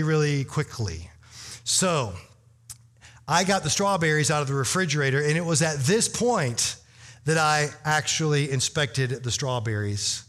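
With a voice on the high side and fairly bright in tone, a pastor spins a humorous story for his congregation, talking to them directly and filling pauses with "you know."

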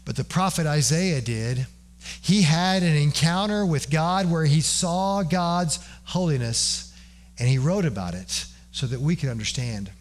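A man's voice: on the high side, lively intonation, a little slow. A man preaching a sermon in an earnest way, explaining scripture with everyday examples and dramatic repetition. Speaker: pastor.

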